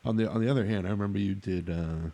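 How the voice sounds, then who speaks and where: A man's voice: fairly low pitch, quick pace, dark tone, no echo. A man hosting a podcast, mostly giving short encouraging replies in a casual conversation. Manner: brief encouraging backchannel. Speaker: podcast host.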